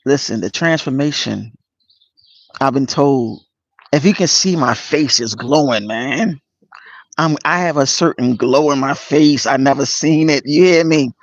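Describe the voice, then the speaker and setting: A man's voice: mid-range voice, dry recording. Earnest man chatting on a livestream. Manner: greets chat viewers by name, drawn-out pauses and fillers; earnest, emotional and spiritual. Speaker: channel host. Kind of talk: casual livestream chat. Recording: dull lo-fi dry sound.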